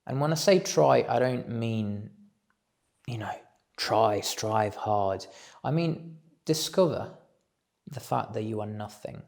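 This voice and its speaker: Man, reflective monologue at home; slow, thoughtful, voice with a bit of fry. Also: on the low side, lively intonation, darkish tone. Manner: measured, musing, thinks aloud. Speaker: speaker on self-development. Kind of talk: reflective solo talk.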